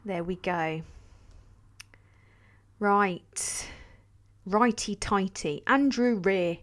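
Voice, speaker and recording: A woman hosting a casual livestream and answering viewer questions, excitable and sweary, laughing often. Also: mid-range voice, drawn-out words. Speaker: livestream host.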